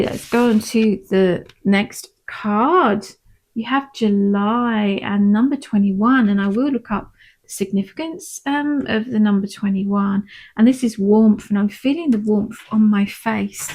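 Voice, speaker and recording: A woman, a tarot reader and medium, gently and reassuringly talking viewers through a pick-a-pile reading. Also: medium pitch. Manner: gentle, reassuring, unhurried, with frequent "um" and "I'm feeling".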